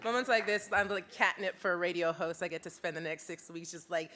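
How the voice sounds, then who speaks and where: A woman radio host from Edmonton, hosting a live event, bubbly, giggling and breathless with excitement. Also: lowish voice, brisk. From Edmonton, Canada. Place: live event room with an audience.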